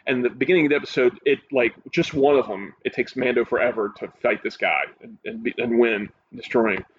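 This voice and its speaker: A man's voice: medium pitch, brisk, husky. Casual male co-host, eager storyteller, slightly muffled audio. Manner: excited, animated recounting of a show. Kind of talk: casual chat. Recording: dull audio with faint hiss.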